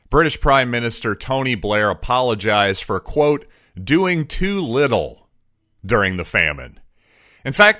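A man's voice: medium pitch, pushed and bright, no echo, studio quality. Emphatic man narrating a history lesson. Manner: emphatic, with rhetorical questions. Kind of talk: scripted narration.

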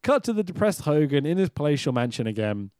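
A sarcastic man talks his way through a film recap, swearing freely and laughing along. His voice sits a bit high and swings widely in pitch. The recording is dry and close. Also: big pitch swings, fast talker, darkish tone, clean tone, no room sound. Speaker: podcast co-host. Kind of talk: casual movie recap chat.

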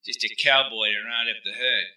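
A man's voice: moderate pace, reverberant, rough recording. A man doing a cool, menacing gunman. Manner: low, calm and threatening.

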